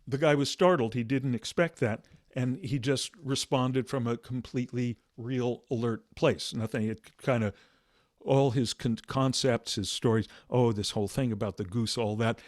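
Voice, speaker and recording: A man leading a meditation discussion, speaking softly and reflectively with halting restarts. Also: medium pitch, no room sound, clean studio sound. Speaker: meditation teacher.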